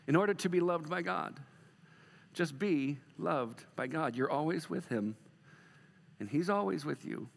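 A middle-aged man preaching a sermon as a pastor, moving from loud emphatic bursts to soft, slow passages. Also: fairly high pitch, gravelly, long reverb tail.

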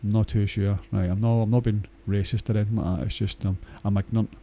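A man's voice: fairly low pitch, steady tone, quick pace, mellow, slight background noise. A Scottish man talking in a casual, rambling monologue, blunt and crude, swearing often and hesitating with many fillers.

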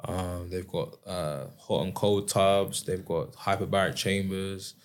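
A man talking casually as an interview guest, relaxed and rambling with lots of fillers. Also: deep voice, a little slow. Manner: relaxed, rambling, many fillers, laughs often. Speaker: guest, professional athlete.

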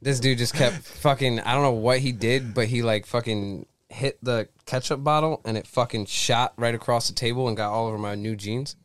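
A man's voice: medium pitch, fairly even intonation, moderate pace, few pauses, dry recording. Swearing man with a rambling anecdote. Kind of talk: casual comedic chat.

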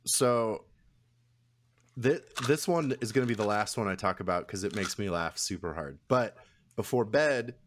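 A man's voice: fairly low pitch, expressive, moderate pace, a little hiss or hum. A young man chatting casually as a podcast co-host, rambling, swearing freely and laughing often. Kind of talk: casual chat.

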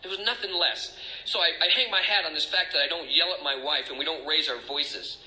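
Bright-voiced man giving a confessional talk. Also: a little high, brisk, echoey room, low-quality recording. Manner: emotional, confessional, rambling with restarts. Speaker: recovery speaker. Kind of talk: personal testimony talk.

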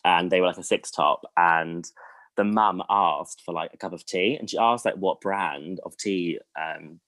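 A man's voice: low voice, a little slow, a bit bright, no echo. A young British man in his twenties chatting casually as a guest, telling stories with lots of fillers. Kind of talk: casual chat.

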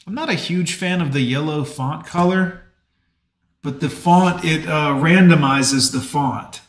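A man's voice: fairly high pitch, measured pace, reverberant. A man hosting a live stream, talking casually and rambling with plenty of fillers. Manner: chatty, rambling, lots of fillers. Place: home.

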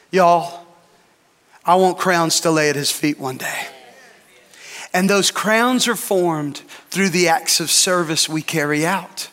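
Bright-voiced preaching man. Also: a little high, unhurried, long reverb tail. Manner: emphatic preaching with dramatic repetition. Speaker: lead pastor. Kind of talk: sermon.

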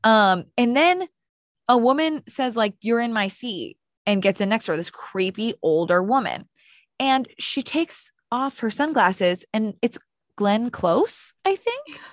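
A woman's voice: fairly high pitch, sing-song, measured pace, dry recording, clean studio sound. A woman co-hosting a podcast, retelling a TV episode in casual chat and acting out the characters' lines, with lots of "like". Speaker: podcast co-host. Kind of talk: casual chat recapping a TV show.

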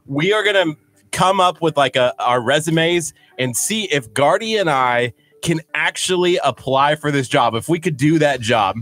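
A man's voice: a little high, expressive, moderate pace, fairly bright tone. A man co-hosting a morning show, chatting in a playful, bouncy way. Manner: playful, bouncy, swings his voice up and down. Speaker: radio co-host. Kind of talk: casual morning show banter.

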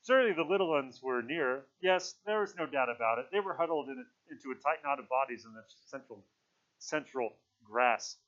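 A man's voice: medium pitch, animated, fairly quick, fairly bright tone. A man reading a novel aloud to a class, with casual asides. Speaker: teacher. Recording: dull lo-fi recording.

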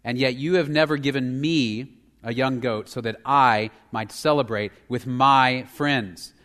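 A man delivers a sermon from the pulpit, his mid-range voice swelling to fervent emphasis and then falling to a hushed near-whisper. The sound carries a long, lingering reverb from a church sanctuary. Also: medium pitch, measured pace. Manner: emphatic, rising to loud fervor in passages; drops to a near whisper for tender lines. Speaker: pastor.

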